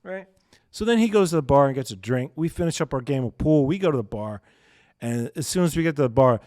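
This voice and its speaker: A man's voice: on the high side, dry recording, clean studio sound. A man co-hosting a podcast, telling a story in casual chat with many fillers and frequent laughs. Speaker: podcast co-host.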